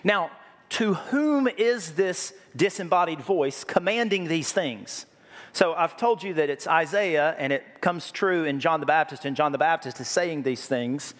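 A man preaching a sermon, lively and joking, with a habit of repeating key phrases. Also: on the high side, a little slow. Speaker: pastor. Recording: reverberant hall.

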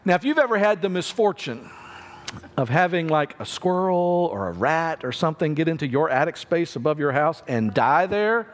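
A man's voice: a little high, big pitch swings, moderate pace, long reverb tail. A man preaching an Easter sermon in a church, retelling the story in a conversational way and acting out the people's voices. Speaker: pastor.

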